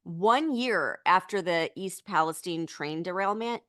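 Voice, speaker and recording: A woman with a somewhat low voice co-hosts a political podcast. She talks with indignant urgency and leans on filler words. Her voice is close and dry, with no room sound. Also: measured pace, fairly bright tone, no echo. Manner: indignant, urgent, many fillers like "like" and "you know". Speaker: podcast co-host.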